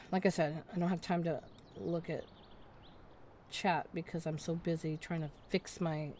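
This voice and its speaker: A woman's voice: low-pitched, steady tone, a little slow, a little mellow, a little hiss or hum. A woman game streamer in casual live-stream chat, ranting in exasperation, swearing and repeating herself.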